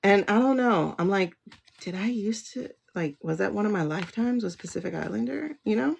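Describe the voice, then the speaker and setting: A woman's voice: mid-range voice, expressive, a little fast, vocal fry, a little hiss or hum. A woman hosting a casual livestream, rambling and emotional, with many restarts and laughs. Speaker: livestream host, tarot reader. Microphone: phone.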